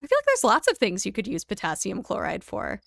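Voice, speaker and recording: Brisk and a bit bright, this young woman's mid-range voice swoops wildly in pitch and carries vocal fry. She's live-streaming a game, giggling, thanking her followers and reading the game's lines aloud in casual chat.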